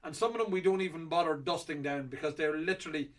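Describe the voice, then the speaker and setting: A man's voice: a little high, fast. A middle-aged man hosting a whiskey auction preview, rambling casually with lots of fillers and restarts. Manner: rambling and chatty with many fillers.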